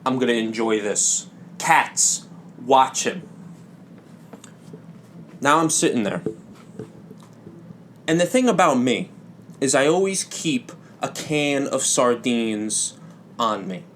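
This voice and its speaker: A young man hosting a comedy podcast, telling rambling absurd stories in a deadpan way with sudden loud bursts. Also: mid-range voice, a little slow, long pauses, slight background noise. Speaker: podcast host. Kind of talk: absurd comic storytelling.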